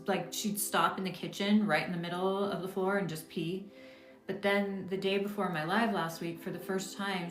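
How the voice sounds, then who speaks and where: A woman's voice: lowish voice, roomy sound. A woman hosting a witchcraft livestream, telling a story in a rambling, casual way with many fillers and restarts. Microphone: phone or webcam on a live stream.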